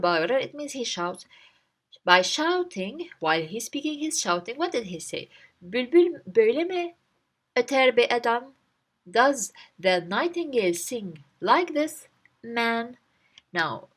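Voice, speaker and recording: A woman teaching the language, reading a short story line by line and explaining each word in English. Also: a little high. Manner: reads a line, then breaks it down word by word.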